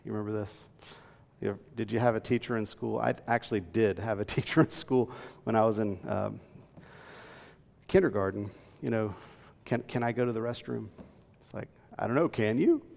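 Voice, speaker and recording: Man, preacher, sermon, gravelly voice, earnest emphatic teaching, long hall reverb. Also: lowish voice, fairly quick, darkish tone. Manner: earnest teaching, reading scripture aloud, rising to emphatic peaks.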